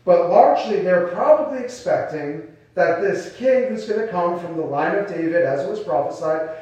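Male pastor, slightly high voice, conversational sermon delivery; very reverberant hall, distant mic. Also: expressive, moderate pace, a little mellow, highs cut off. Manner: explains scripture in a casual, conversational way with rhetorical questions. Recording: very echoey room, voice from a distance.

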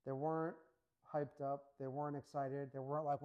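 A male pastor giving a sermon in a casual, animated storytelling manner. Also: medium pitch, moderate pace, low-quality recording.

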